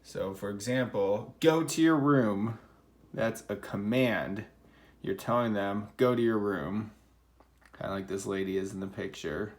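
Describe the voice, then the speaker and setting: Patient man teaching a reading lesson. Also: on the low side. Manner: patient, explaining, acts out example sentences. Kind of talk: recorded classroom lesson for children.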